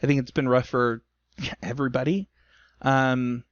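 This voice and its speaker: A man's voice: medium pitch, steady tone, measured pace, pauses often, no room sound, muffled recording. A man co-hosting a podcast in casual chat, rambling and self-deprecating, talking openly about his feelings. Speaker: podcast co-host. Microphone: remote call recording.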